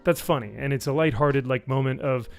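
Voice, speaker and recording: A man's voice: mid-range voice, brisk, gravelly, faint music behind. A man giving a casual spoken review, rambling and swearing, with lots of fillers. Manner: rambling, profane, with frequent fillers. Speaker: YouTube reviewer.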